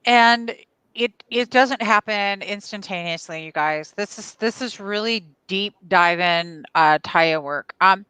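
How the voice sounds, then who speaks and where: A woman's voice: medium pitch, a little slow, bright, forceful tone, clean tone, dry recording. A woman co-hosting a live stream, casually chatting and reading out viewer comments in an upbeat, agreeable way. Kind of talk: casual chat.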